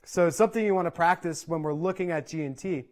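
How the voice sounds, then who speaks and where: A man's voice: fairly high pitch, quick pace, darkish tone. Casual man teaching percussion. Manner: conversational, frequent "right?" check-ins and fillers. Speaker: percussion instructor. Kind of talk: online music clinic, casual teaching.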